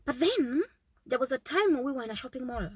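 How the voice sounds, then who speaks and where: A woman in her thirties, a mother who vlogs about parenting, talks casually to the camera with earnest, repetitive advice, often checking in with "okay?". Her voice sits high and sounds animated and husky, moving fairly quickly over a rough recording.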